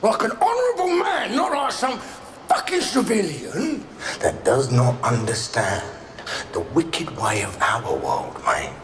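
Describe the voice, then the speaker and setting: An actor playing a volatile, foul-mouthed middle-aged gangster who rambles and breaks into sudden shouts. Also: male voice, fairly high pitch, big pitch swings, a little slow. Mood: ranting. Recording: echoey film scene with ambient noise.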